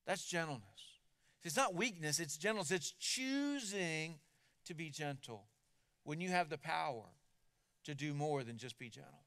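Male pastor, higher voice, smooth and resonant, earnest emphatic sermon delivery. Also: bright, forceful tone. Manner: earnest, emphatic preaching with repeated words.

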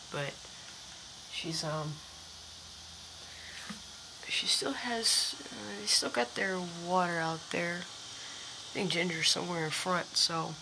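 Woman, casual rambling vlog talk, phone mic, outdoor coop, clear background noise. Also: low-pitched. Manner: rambling, many restarts and fillers. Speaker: backyard chicken keeper filming her hens. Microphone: phone camera.

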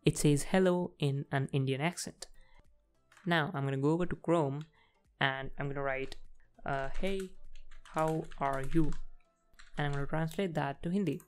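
A man's voice: a little high, normal speed, long pauses, clear, resonant tone, soft background music. A man hosting a programming tutorial, casually talking through each coding step as he types, with frequent fillers. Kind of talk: casual screen-recorded coding walkthrough.

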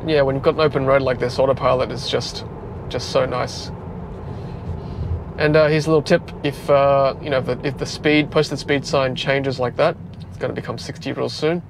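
An Australian car vlogger chats casually from inside a moving car, his mid-range voice creaky and at a normal speed. He's relaxed and talkative, using lots of fillers, with road noise in the background.

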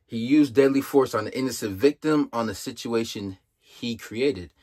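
A man's voice: mid-range voice, moderate pace, a little mellow. A young man giving casual, emphatic commentary, exasperated and full of rhetorical questions.

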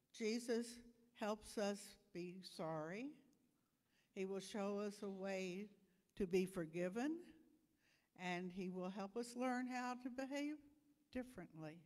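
A woman telling a children's sermon, animated and explaining things for little kids, in a church sanctuary. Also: mid-range voice. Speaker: children's message speaker. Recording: long church reverb.

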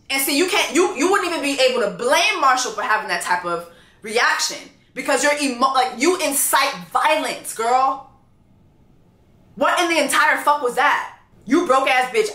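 A woman reviewing a reality dating show, ranting loudly and profanely in casual commentary. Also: high voice, echoey room. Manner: loud, profane, animated ranting.

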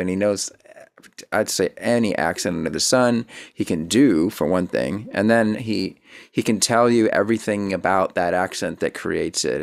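A man's voice: deep voice, vocal fry. A man hosting an interview over a video call, chatting in an easygoing way with fillers and restarts. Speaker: podcast host. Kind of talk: casual interview chat.

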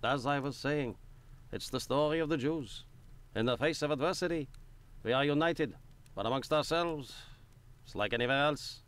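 A man's voice: on the high side, moderate pace, long pauses, fairly bright tone, close to an everyday voice. An actor playing a guarded, earnest Jewish man in Victorian London in a video game, explaining things earnestly.

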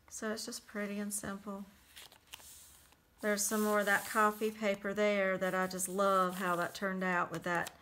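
Bright-voiced woman chatting through her journal. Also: mid-range voice, slight background noise. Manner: chatty, relaxed, many fillers. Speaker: crafter showing a handmade journal. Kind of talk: casual flip-through narration.

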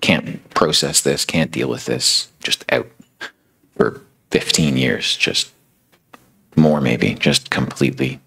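Guy preaching like he's just telling a story, super low gravelly husky voice. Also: takes it slowly, a bit bright, rough recording. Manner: casual, filler-heavy retelling. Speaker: speaker. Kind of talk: storytelling sermon.

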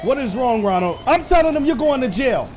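A man hosting excited gameplay commentary, talking to his viewers and shouting when the action peaks. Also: very high-pitched, brisk, a crowd in the background. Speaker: gaming host.

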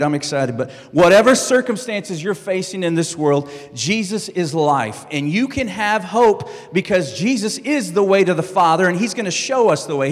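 Man preacher, earnest, stretches key words, slightly high voice, echoing church hall. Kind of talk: sermon. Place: church sanctuary. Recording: long church hall reverb.

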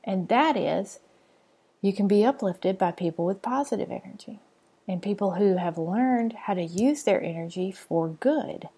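A woman's voice: medium pitch, measured pace, husky. Chatty woman hosting a podcast. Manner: chatty, with frequent fillers, asides and soft laughs. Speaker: podcast host. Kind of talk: casual solo podcast chat.

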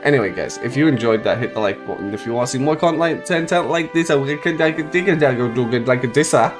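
Young male gaming creator with a lively, swooping voice; jokey, excitable horror playthrough commentary with swearing. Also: medium pitch, fast, over music.

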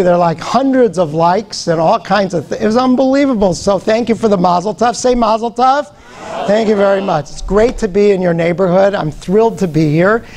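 High-voiced older man telling funny stories. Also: a little mellow. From Omaha, Nebraska, USA. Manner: joking, quizzes the audience. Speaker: guest speaker. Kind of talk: humorous storytelling lecture.

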